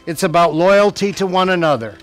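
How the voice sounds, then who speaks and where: A man leads a wedding ceremony, speaking in a calm, measured way. His voice sits a little high, and faint music plays behind him. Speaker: wedding officiant. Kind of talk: officiating a ceremony.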